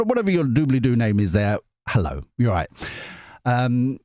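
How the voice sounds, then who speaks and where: A man hosting a tarot channel, talking in a rambling, animated way with many asides. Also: mid-range voice, moderate pace, no echo, clean studio sound. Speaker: tarot reader, channel host. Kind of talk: casual monologue before a card reading.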